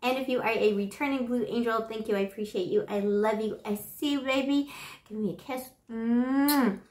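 A woman tarot reader with a fairly high voice talks in a playful, flirty and teasing way, showering her viewers with pet names. She is getting over the flu, and her voice still sounds rough. The sound bounces around an echoey room. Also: a little fast, a little mellow. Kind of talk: casual tarot reading to camera.

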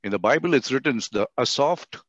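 A man with an Indian English accent lectures over a video call, and his voice climbs and drops sharply to act out examples. He talks at a mid pitch. The computer mic gives dry, slightly dull audio. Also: brisk, no echo. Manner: expressive, swings his voice high and low to demonstrate. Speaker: guest speaker on communication. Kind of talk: webinar lecture.

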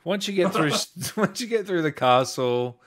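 A man hosting a casual interview, easygoing and laughing often as he asks quick questions. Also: high-pitched, animated, fairly bright tone. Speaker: host.

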